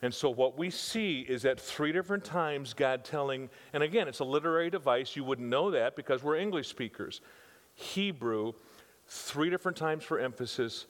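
A man's voice: medium pitch, normal speed. An older man preaching a conversational sermon, with emphatic repetition and rhetorical questions to his congregation. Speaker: pastor. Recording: reverberant hall sound.

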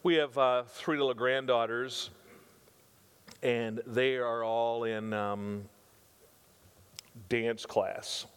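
A man's voice: medium pitch, fairly even intonation, slow pace, clean tone. Older man, pastor, conversational sermon, emphatic repeats, rhetorical questions, long church-hall reverb.

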